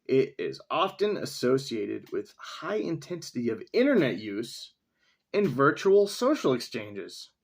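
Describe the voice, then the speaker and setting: Rambling man with a lively pitch. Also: a little slow, creaky. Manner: rambling, reading definitions aloud, swearing. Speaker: vlogger. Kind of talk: casual solo vlog.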